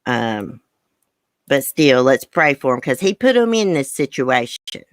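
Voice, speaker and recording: A woman's voice: very deep voice, very animated, unhurried, no room sound. An older woman with a thick Southern country accent, chatting casually on a livestream and reading viewer comments aloud. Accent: American Southern. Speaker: livestream host.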